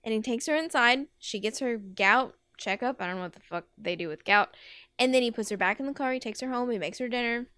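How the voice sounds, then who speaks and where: A woman's voice: fairly high pitch, a little fast, pushed and bright, smooth, no room sound. A woman podcast host telling a rambling comic story with lots of fillers. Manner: rambling, filler-heavy, giggly.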